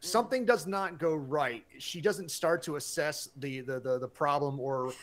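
Rambling, excitable man on a live stream. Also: fairly high pitch, moderate pace. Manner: rambling, excitable, many restarts, swears. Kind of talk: casual live-stream chat.

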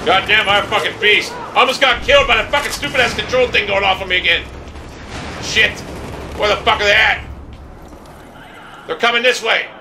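A man giving profane, excitable commentary while playing a shooter game, often yelling in frustration. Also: sits high, brisk, long pauses, background noise. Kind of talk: live gameplay commentary. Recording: game music and gunfire behind.

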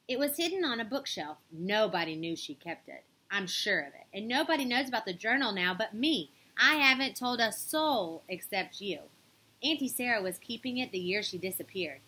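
A woman's voice: mid-range voice, sharp tone. A woman voicing a curious, adventurous young girl doll in a storybook reading, with an eager, confiding manner.

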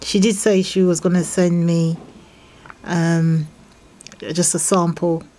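A woman showing off craft mail from friends, gushing and excitable, with gasps and breathy whispered exclamations. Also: on the low side, slow pace. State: unwell. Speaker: craft vlogger opening mail from viewers. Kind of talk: casual unboxing vlog.

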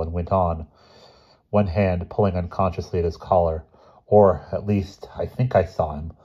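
This is a man reading a short story aloud for an audiobook, his delivery measured and calm. The husky voice is very low, and the recording sounds dull and lo-fi.

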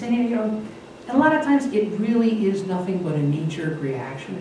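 A man's voice: high-pitched, normal speed, a little mellow, recorded from a distance. A man who is a pastor from Wyoming and North Dakota, giving an informal sermon in a conversational way, often restarting his sentences. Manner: conversational, self-interrupting, acts out quotes. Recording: very echoey room, voice from afar, faint noise.

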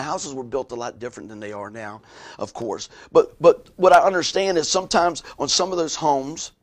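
A man preaches in a lively, conversational way. His voice sits a little higher than most men's. He keeps turning to his listeners with asides as he works through the passage. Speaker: pastor. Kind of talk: sermon.

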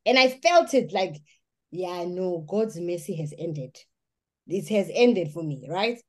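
A woman's voice: lowish voice, animated, slow. A woman giving an earnest personal testimony, speaking emphatically and often restarting her sentences.

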